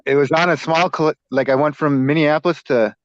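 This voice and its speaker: A man's voice: on the high side, fairly even intonation, fairly quick, no room sound. A young man, a podcast co-host, telling stories in casual chat, rambling and swearing a lot. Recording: dull dry lo-fi sound.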